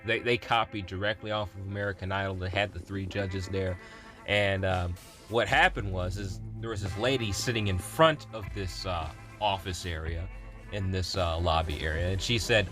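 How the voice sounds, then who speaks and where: Bright-voiced young man rambling a story. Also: low-pitched, normal speed, soft background music. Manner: rambling, animated, with fillers and laughs. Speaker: gaming YouTuber. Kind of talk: casual storytelling vlog.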